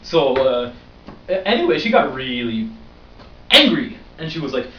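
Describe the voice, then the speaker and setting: Speaking at normal speed with a medium pitch, a young man narrates a story for his vlog, casual and rambling, animated and full of fillers. Slight background noise sits under a dull, roomy recording made from afar.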